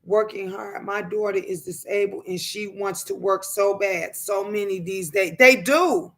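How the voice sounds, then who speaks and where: A woman's voice: mid-range voice, steady tone, a little slow, a bit bright. A woman chatting casually on a livestream, greeting viewers and talking emphatically in plain, colloquial speech, repeating phrases to drive her points home. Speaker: livestreamer and mother.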